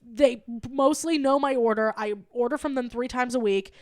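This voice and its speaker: A young adult woman co-hosting a podcast, telling an animated story in casual chat and acting out the quoted lines. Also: fairly high pitch, moderate pace, dry recording, studio quality. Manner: animated, acts out quoted dialogue. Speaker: podcast co-host.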